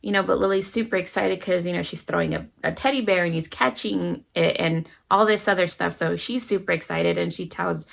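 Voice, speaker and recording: Earnest gravelly-voiced mother giving advice. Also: on the low side, fairly quick, hardly any pauses, low-quality recording. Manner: earnest, acts out her kids' voices. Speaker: parenting vlogger. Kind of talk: casual advice talk to camera.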